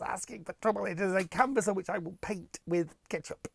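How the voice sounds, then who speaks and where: Lively, gravelly-voiced chatty man. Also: high voice, moderate pace, few pauses, crowd noise. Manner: chatty and rambling, with playful put-on voices. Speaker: TV property presenter answering viewer questions. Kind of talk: casual to-camera chat.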